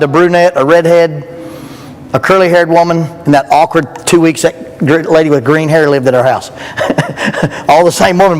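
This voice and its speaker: A man gives a joking, folksy storytelling sermon as a youth rally speaker in a church. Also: on the high side. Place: church hall. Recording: long hall reverb.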